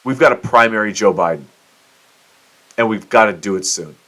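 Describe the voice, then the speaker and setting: A man's voice: on the low side, normal speed, bright, forceful tone. A middle-aged man from the United States hosting his own show, ranting in casual commentary with swearing and self-mocking outbursts. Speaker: podcast host.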